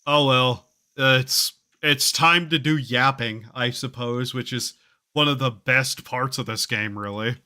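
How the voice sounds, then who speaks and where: Speaking a little slowly in a sharp-toned, mid-range voice, this gamer keeps up loose live-stream chatter. He's rambling, dryly self-deprecating and drops casual swear words as he plays.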